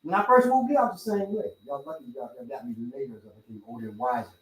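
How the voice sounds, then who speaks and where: A middle-aged man, a martial arts instructor and host, telling stories in casual chat and acting out other people's lines loudly. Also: mid-range voice, very fast. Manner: animated, acts out quoted voices loudly. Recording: roomy sound from a distant mic.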